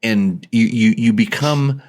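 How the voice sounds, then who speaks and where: A man's voice: on the low side, slow, darkish tone. A man hosting a casual podcast chat, talkative and blunt, often repeating words as he thinks aloud. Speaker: podcast host.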